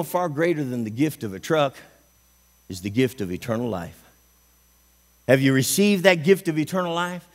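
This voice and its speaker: A man's voice: fairly high pitch, a bit bright. A man preaching a folksy, emphatic sermon in a church, asking the congregation questions.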